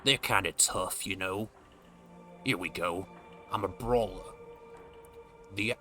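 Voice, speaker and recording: A man voicing a tough male brawler in a game, with a slow, growling mock-tough accent. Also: low-pitched, fairly even intonation, sharp tone, faint music behind, voice pushed down, exaggerated voice. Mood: gruff.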